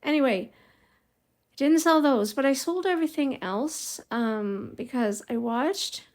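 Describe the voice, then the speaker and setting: A woman's voice: a little high, a little mellow. Rambling middle-aged woman telling a story. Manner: rambling and digressive, with frequent small laughs. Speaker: vlogger. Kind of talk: casual personal storytelling.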